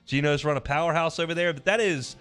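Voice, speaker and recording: A man's voice: a little high, quick pace, fairly bright tone, soft background music. A man hosting a sports talk radio show, chatting casually and giving blunt opinions with a conversational back-and-forth.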